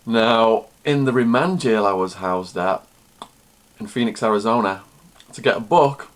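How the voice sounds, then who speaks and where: Speaking unhurriedly in a lowish voice, a man who is a former prisoner and author tells stories to camera and answers questions in a plain, matter-of-fact way.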